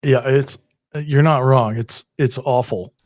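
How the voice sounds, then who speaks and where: A man's voice: medium pitch, steady tone, slow, darkish tone, dry recording, clean studio sound. A man who is a podcast guest, chatting casually with short, amused, agreeing replies. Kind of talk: casual chat.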